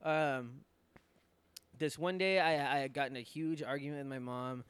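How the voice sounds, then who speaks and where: A young man co-hosting a casual podcast chat, telling a halting story with many fillers and swearing. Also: medium pitch, steady tone, a bit bright, smooth. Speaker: podcast co-host.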